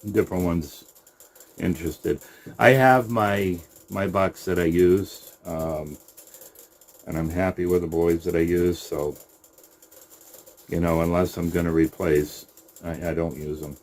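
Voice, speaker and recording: A middle-aged man, a rabbit breeder, giving a casual video update in an unhurried, halting way, now and then softly cooing to his animals. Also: low voice, steady tone.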